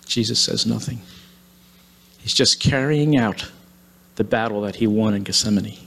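A man's voice: on the low side, normal speed, vocal fry, pauses often, a bit bright. A man preaching, retelling a story dramatically and acting out the quoted lines. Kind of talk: sermon storytelling. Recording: long hall reverb.

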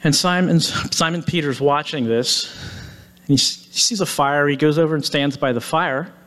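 A man's voice: fairly high pitch, moderate pace, fairly bright tone. A man preaching, retelling a story dramatically and acting out the quoted lines. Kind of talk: sermon storytelling. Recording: long hall reverb.

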